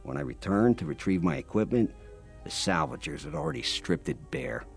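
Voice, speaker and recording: Game NPC: a husky, bitter farmer, lively low pitch. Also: male voice, normal speed, faint music behind, heavily acted. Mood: aggrieved. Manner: complaining, bitter. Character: weary aggrieved male farmer settler, middle-aged. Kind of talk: video game voice acting.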